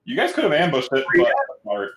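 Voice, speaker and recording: A man's voice: high-pitched, very animated, fairly quick, creaky, fairly bright tone, echoey room, a little hiss or hum, low-quality recording. A man narrating as dungeon master for a tabletop game, loose and rambling, with many fillers.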